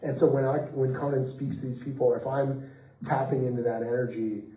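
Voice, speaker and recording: Animated man telling panel stories, roomy. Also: medium pitch, fairly quick, recorded from a distance. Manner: animated, acts out quoted voices, laughs mid-story. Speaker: comics writer on a festival panel. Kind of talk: anecdotal storytelling on a panel. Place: festival panel room. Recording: roomy echo, voice off-mic.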